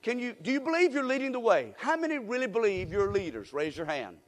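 A man's voice: sits high, sing-song, fast talker, in a large hall. An older man preaching a sermon in a church, folksy and emphatic, leading the congregation in call-and-response. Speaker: guest preacher.

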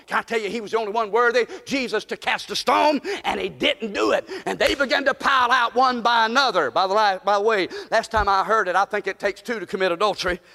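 A man preaching a fervent sermon, often shouting and calling the congregation to repeat after him. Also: very high voice. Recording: long reverb in a large hall.

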